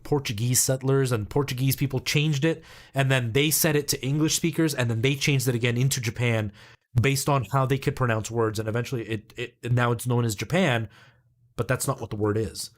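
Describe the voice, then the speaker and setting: A man's voice: medium pitch, brisk. A man in his thirties from Canada, chatting casually on a live stream and explaining things in a rambling way, with lots of ums and likes. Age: 30s.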